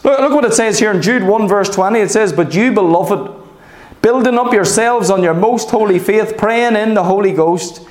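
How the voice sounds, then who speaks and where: A high-pitched male preacher delivers an animated sermon, often pausing to ask his listeners "Amen?". His voice rings out in a roomy, echoing hall.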